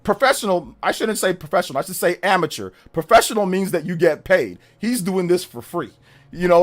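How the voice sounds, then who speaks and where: A middle-aged man streaming live, combatively mocking viewers in his chat and laughing them off. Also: high voice.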